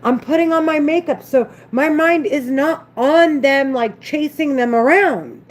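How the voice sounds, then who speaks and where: A woman's voice: high voice, measured pace. A woman vlogger talking to camera in an agitated, repetitive, rambling monologue. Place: at home, doing her makeup.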